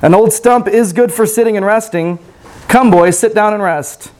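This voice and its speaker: Brief: tender motherly apple tree in a storybook, read by a man, high and soft. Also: normal speed, lightly acted. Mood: sorrowful. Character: gentle self-giving female apple tree.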